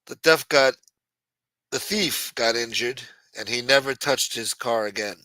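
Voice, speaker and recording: A man's voice: mid-range voice, normal speed, sharp tone, no room sound, rough recording. A man hosting a late-night live stream in a loose, profane, teasing way, reading and answering viewer chat. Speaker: live show host.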